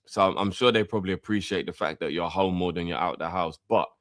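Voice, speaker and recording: Laid-back man, low voice. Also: fast talker, dry recording, studio quality. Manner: laid-back slang, animated when mocking critics. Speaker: co-host of a football channel. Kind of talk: casual chat.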